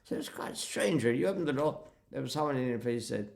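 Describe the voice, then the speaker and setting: An older man being interviewed, reminiscing in an animated storytelling way. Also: medium pitch, quick pace, vocal fry, few pauses. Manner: animated storyteller acting out quotes. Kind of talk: reminiscing conversation.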